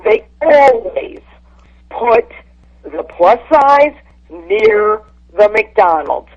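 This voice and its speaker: A woman's voice: fairly high pitch, big pitch swings, drawn-out words, gravelly, darkish tone. Brash woman on a muffled phone line. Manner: blunt, brash insult-comic delivery. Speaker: guest comedian calling in. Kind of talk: phone-in podcast chat.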